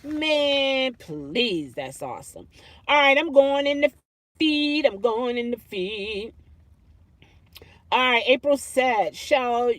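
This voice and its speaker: A woman's voice: sits high, lively intonation, takes it slowly, a bit bright, no room sound. A woman vlogger chatting casually as she reads out viewer comments, laughing often and slipping into playful impressions. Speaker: YouTube vlogger. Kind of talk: casual chat reading comments.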